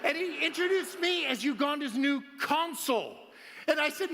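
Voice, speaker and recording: A man giving an animated, storytelling conference talk, laughing often as he goes. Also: extremely high pitch, normal speed, big-room sound. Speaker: conference speaker. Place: large conference hall.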